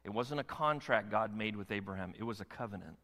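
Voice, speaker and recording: Pastor guy preaching, bright forceful voice, lots of big questions, long echo in the church. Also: on the low side, fast. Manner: animated, emphatic preaching with rhetorical questions. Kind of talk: sermon. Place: church sanctuary. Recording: long hall reverb.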